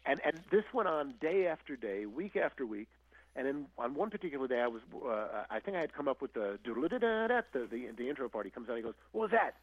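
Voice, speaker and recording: Older male guest musician, lively anecdote-teller with a slightly husky tone on a muffled recording. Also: mid-range voice, fast. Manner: animated storyteller, acts out quotes, frequent restarts. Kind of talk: casual storytelling interview. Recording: dull lo-fi audio.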